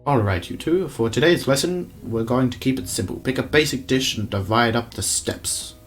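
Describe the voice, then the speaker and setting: A man voicing a stern cooking teacher in a dating game, speaking slowly and formally in a lowered voice. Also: soft background music, lightly acted.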